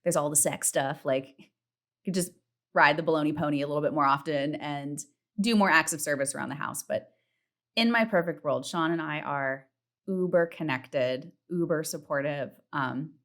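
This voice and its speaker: A woman in her thirties hosting a casual solo podcast from home, chatty and candid, swearing freely and acting out her self-talk in a high voice. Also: normal speed, a bit bright. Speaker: podcast host. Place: home, partner in the next room.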